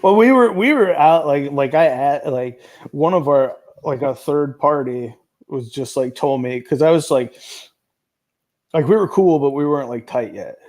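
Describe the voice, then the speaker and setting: A man's voice: on the high side, normal speed, a little mellow. A man co-hosting a podcast in casual chat, talking in a laid-back, hesitant way with many fillers. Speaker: podcast co-host.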